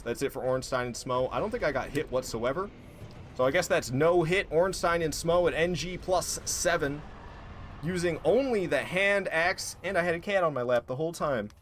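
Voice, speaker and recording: A man casually chatting through a game stream, excitable and prone to swearing, swinging from mumbles to loud outbursts, recorded in a room at home. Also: mid-range voice, slight background noise. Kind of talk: casual gameplay commentary.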